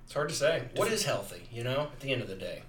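A man's voice: medium pitch, big pitch swings, quick pace, a bit bright, recorded from a distance, a little hiss or hum. Laid-back dry male co-host. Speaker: podcast co-host. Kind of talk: casual comedic banter.

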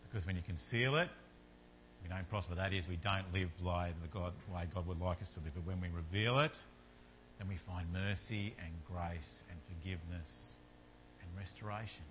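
A man's voice: sits low, moderate pace, fairly bright tone, slight background noise. A man preaching a sermon in an earnest manner, building to fervent repetition.

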